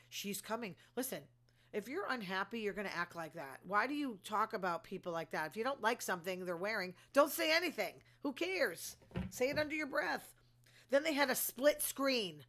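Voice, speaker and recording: A woman's voice: medium pitch, sharp tone. A woman hosting her own show, giving a casual, opinionated recap of reality TV full of asides and fillers. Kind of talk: casual gossipy commentary.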